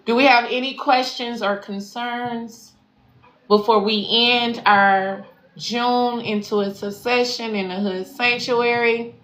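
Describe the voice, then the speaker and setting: A spiritual life coach ends her live stream with a sign-off to followers, speaking slowly in a slightly high, somewhat bright voice with fairly even intonation. She sounds affirming, slangy, and profane, with repeated phrases for emphasis. The recording has echo and faint background noise.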